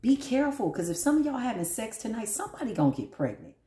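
Animated woman reading tarot, echoey room. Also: fast talker. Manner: animated, laughing often, big pitch swings, talks to spirit and viewers. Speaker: tarot reader.

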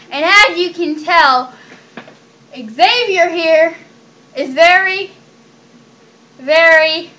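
A woman hosting a silly comedy sketch in a deliberately fake accent, playful and breaking into loud scolding. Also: sits high, slight background noise, low-quality recording. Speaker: comedy video host.

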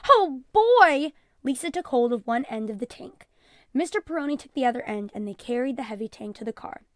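A woman teacher reading a children's book aloud, clear and expressive, calling out page numbers. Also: on the high side, fast talker, no echo, studio quality.

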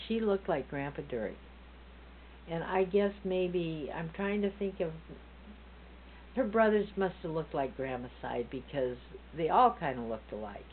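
An older woman with a strikingly low voice tells family stories in a loose, rambling way, stopping to correct herself and laugh. The sound is thin and tinny like a phone line, with a faint hum underneath. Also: animated, measured pace. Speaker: family storyteller. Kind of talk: casual reminiscing. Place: front porch, outdoors.

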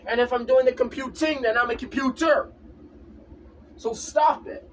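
A man's voice: very high-pitched, normal speed, far from the mic, slight background noise. A man in a casual vlog, ranting insistently and repeating himself over and over. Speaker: vlogger. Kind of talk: casual rant to camera.

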